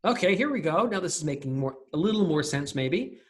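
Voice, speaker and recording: Man, recorded coding lecture, slightly high voice, casual, thinking aloud. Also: lively intonation, a little fast.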